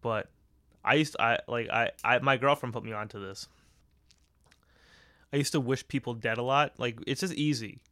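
A man's voice: mid-range voice, normal speed, pauses often, sharp tone, no echo, clean studio sound. A man hosting a casual solo podcast, rambling and swearing freely, often breaking into laughter. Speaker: podcast host.

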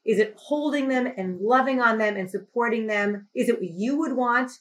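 A woman's voice: a little high, normal speed, rough recording. A woman who is a healthcare executive guest, telling a story in conversation with emphatic, impassioned intensity.

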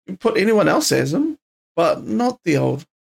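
A man's voice: high voice, very animated, moderate pace, vocal fry, darkish tone. A man with a New Zealand accent hosting a solo podcast, rambling and tired, full of slang, swearing and fillers. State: tired, yawning. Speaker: podcast host. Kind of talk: casual solo podcast chat. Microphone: podcast microphone.

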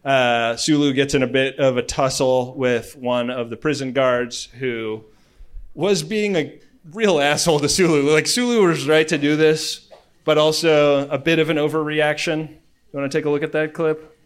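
A man's voice: on the high side, moderate pace, smooth. Man rambling through a jokey recap. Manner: joking, often laughing, loose and rambling. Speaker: podcast co-host. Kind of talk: casual comedic chat.

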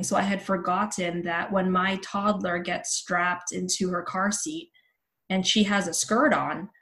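A woman's voice: mid-range voice, a bit bright. A woman in her thirties, a journalist guest on a podcast, recounting a personal story candidly with frequent casual fillers over a remote call. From Los Angeles.

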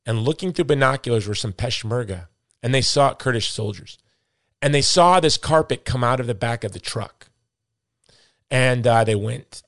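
A man's voice: lowish voice, gravelly, a bit bright, no room sound, clean studio sound. A middle-aged man hosting a podcast, ranting with emphatic, repeated words as he comments with passion. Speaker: podcast host.

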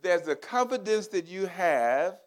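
An older man preaching a sermon, telling a personal story in an animated, emotional way. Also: high-pitched, measured pace. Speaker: pastor.

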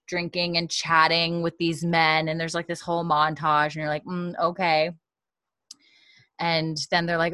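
A woman tells a show's story in casual chat, slipping into quick impressions of the characters as she goes. Her voice sits low, and the sound is dry and close. She laughs easily along the way. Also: dry recording. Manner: lively storyteller, acts out quotes, laughs often. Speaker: podcast co-host recapping a show.

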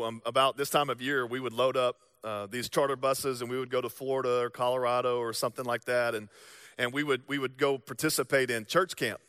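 A young man preaching a sermon, telling stories and acting out voices, swinging from loud to hushed. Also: fairly high pitch, clean tone, no room sound, studio quality. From American South. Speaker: pastor.

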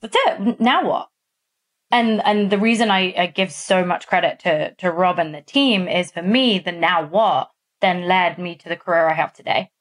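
A woman from Massachusetts with a somewhat low voice talks on a podcast. She tells stories in a casual, animated way and fills her speech with loose asides. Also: moderate pace, few pauses. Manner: animated storytelling with many fillers. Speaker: podcast co-host. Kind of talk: casual chat.

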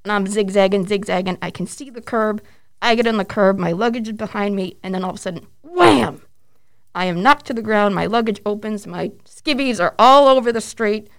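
A woman in her forties telling animated stories as a guest in a casual interview, acting out quotes and laughing often. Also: medium pitch, a little fast, clean tone. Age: 40s. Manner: lively, animated storyteller who acts out quotes and laughs often.

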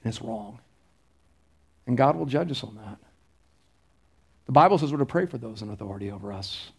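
A man's voice: medium pitch, animated, fast talker, creaky, a little mellow, husky. A middle-aged man, preaching a conversational sermon in a church, anecdotal and emphatic. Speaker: pastor.

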